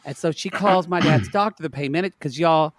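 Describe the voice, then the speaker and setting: A man co-hosting a podcast, telling a long story in casual chat, animated and profane, recorded on a dry, close mic. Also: on the high side, fairly quick, no echo. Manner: animated, profane storytelling with dramatic quoted outbursts. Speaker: podcast co-host.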